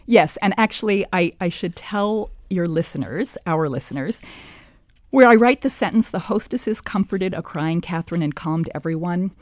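A woman in her sixties, an author and historian, telling her story in a measured, reflective way during an interview. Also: on the low side, animated, no room sound, clean studio sound. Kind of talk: interview conversation, reading from her childhood diary.

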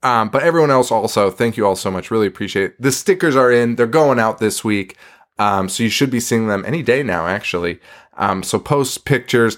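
A man's voice: on the low side, a bit bright. A man co-hosting a podcast in casual chat, sarcastic and swearing freely, often laughing. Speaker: podcast co-host.

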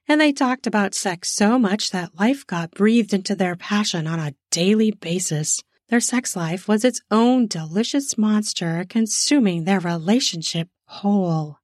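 A woman host narrating an erotic story in an unhurried, intimate reading. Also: mid-range voice, a little mellow, no room sound, studio quality.

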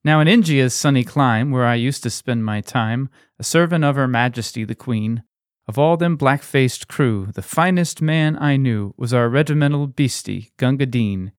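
A man's voice: mid-range voice, normal speed, no echo, clean studio sound. A man co-hosting a podcast, reading a poem aloud with a lilting, sing-song rise. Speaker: podcast co-host.

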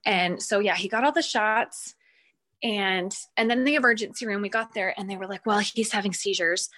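A mother recounting a frightening family experience, her voice bright and forward. She tells it in an animated way, jumping into the voices of her past self. Her pitch sits in an everyday middle range. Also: normal speed. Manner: animated, acts out her own past reactions. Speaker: guest, mother telling her son's story. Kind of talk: emotional personal storytelling.

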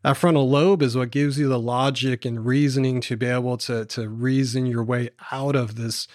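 A man co-hosts a podcast, explaining a research finding in a measured, step-by-step way. His voice sits at a middle pitch, recorded close and dry. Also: fairly even intonation, no echo. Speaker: podcast co-host.

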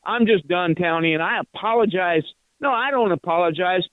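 A high-voiced older man calls in over a thin, phone-like line with no room sound at all. He rants in frustration, stumbling and repeating words as he goes. The call is clearly from a listener to a sports radio show. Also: moderate pace, no room sound. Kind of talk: angry fan phone call.

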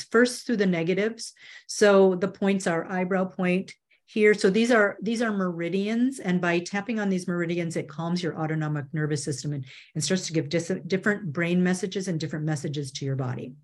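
A woman media trainer speaking as an interview guest, earnest and conversational, often restarting her sentences. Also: on the low side. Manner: earnest, with frequent restarts and "you know".

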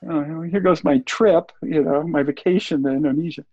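A man in his sixties, a surf filmmaker appearing as an interview guest, tells a rambling, animated story and acts out what the people in it said. His fairly high voice is gravelly and slightly rough at a normal speed, and the audio is dry, dull and lo-fi.

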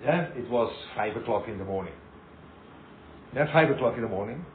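A man giving an animated, informal Torah talk as a rabbi, repeating himself and acting out little scenes. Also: mid-range voice, normal speed. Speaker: rabbi teaching a class. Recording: echoey, tinny lo-fi room recording with hiss.

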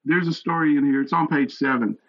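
A man's voice: fairly high pitch, a little fast, muffled recording. A man in his sixties, a retired fire captain, telling stories earnestly as an interview guest. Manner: earnest, animated storyteller. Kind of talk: storytelling interview.

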